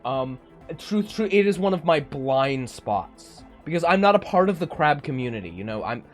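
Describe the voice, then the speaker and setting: A streamer chats casually from a home setup on a desk microphone. The voice sits mid-pitch but moves a lot, with playful ups and downs while joking. Faint game music plays underneath. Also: big pitch swings, moderate pace. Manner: joking, laughs often, mock-tearful bits. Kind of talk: casual live-stream chat.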